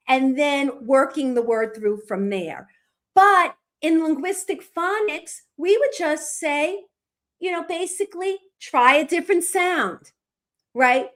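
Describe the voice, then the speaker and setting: A woman co-hosting a podcast, patiently walking through examples step by step. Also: high-pitched. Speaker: podcast co-host explaining reading instruction. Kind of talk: explanatory podcast talk.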